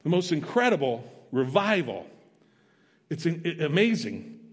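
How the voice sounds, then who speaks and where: A man's voice: on the high side, sing-song, unhurried, husky. A man preaching a sermon, retelling a story in a plain, conversational way with emphatic asides. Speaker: missionary preacher. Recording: long reverb of a large hall.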